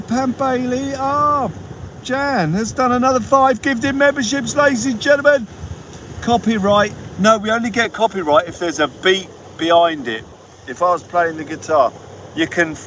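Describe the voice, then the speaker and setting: A man with a fairly high voice and an unhurried delivery hosts a casual fishing livestream. He chats loosely and cheerfully thanks viewers by name as they come in. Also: fairly bright tone, slight background noise, rough recording. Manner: chatty, thanks viewers by name, sings along to music. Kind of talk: casual live-stream chat.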